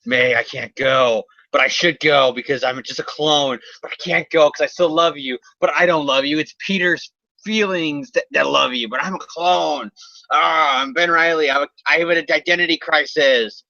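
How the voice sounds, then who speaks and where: A man's voice: a little high, normal speed, gravelly, pushed and bright, no echo, dull audio. A man voicing an angsty young male clone hero who rambles in self-pity. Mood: whiny. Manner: whiny, self-pitying rambling.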